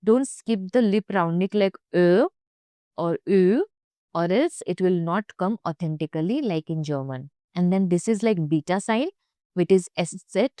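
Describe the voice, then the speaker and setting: A woman's voice: on the low side, moderate pace, dark tone, dry recording. A young woman teaching German pronunciation, speaking carefully and repeating each sound for learners. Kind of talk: pronunciation lesson.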